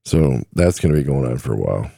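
A man's voice: extremely low pitch, lively intonation, fast talker, gravelly, mellow, husky, no echo, clean studio sound. A middle-aged man hosting his own podcast, chatting in an easygoing, rambling, self-deprecating way about his trucking life. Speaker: podcast host and truck driver. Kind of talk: casual solo podcast chat.

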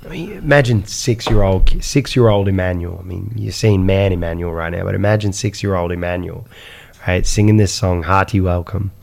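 A man from Iraq telling his life story as a guest, in an animated way with frequent fillers and "right?". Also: sits low, fairly quick, creaky. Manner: animated, repeats "right?" and "insane", many fillers. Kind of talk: personal storytelling in conversation.

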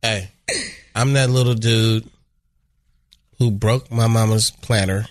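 A man's voice: fairly low pitch, steady tone, slow pace, dry recording. A man in casual chat, telling funny stories and acting out quotes between laughs. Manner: laughing storyteller, acts out quotes.

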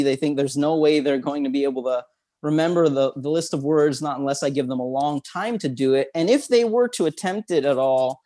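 Male guest expert, upbeat teacher's manner, slightly high voice, guiding a visualization. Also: a little mellow. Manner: upbeat, instructive, chuckles often. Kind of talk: guided visualization in an interview.

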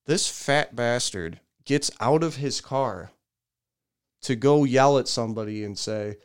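Male podcast co-host, smooth resonant voice, vents and mimics others in casual banter. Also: medium pitch, a little slow. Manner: animated ranting storyteller, mimics people in loud raised voices. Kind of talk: casual chat.

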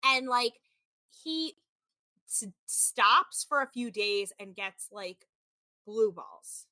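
A woman in her thirties with a fairly high, bright and forceful voice, recapping a show in animated casual chat. She fills her talk with "like" and acts out what others said. The sound is close and dry. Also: takes it slowly, dry recording. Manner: animated storytelling, frequent "like", acts out quotes. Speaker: podcast co-host.

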